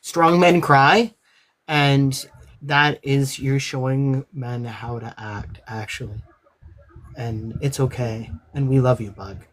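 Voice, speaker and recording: A man in a live group chat gently reassuring and comforting a friend. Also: medium pitch, fairly even intonation, slow pace. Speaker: live audio chat room speaker.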